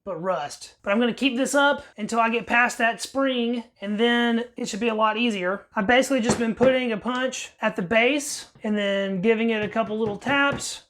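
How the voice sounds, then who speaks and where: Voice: mid-range voice, normal speed, few pauses, background noise. A rifle reviewer giving a wry, plain-spoken running commentary over a workbench teardown. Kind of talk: casual workbench narration.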